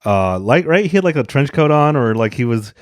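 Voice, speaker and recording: Blunt, animated male comedian, dry sound. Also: medium pitch, brisk, no echo. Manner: animated storyteller, blunt, acts out other people's voices. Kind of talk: casual podcast chat.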